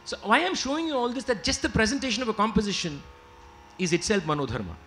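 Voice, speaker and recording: A man's voice: high-pitched, animated, fast, pushed and bright, slight background noise. A man giving an emphatic lecture-demonstration on music, explaining and stopping to sing short examples. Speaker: lecturer and singer. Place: lecture hall with live musicians.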